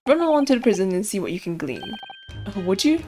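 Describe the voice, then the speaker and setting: A woman's voice: medium pitch, very animated, quick pace, mellow, faint music behind, lightly acted. A woman reading the lines of an eccentric, pompous male Victorian detective in an airy, theatrical manner.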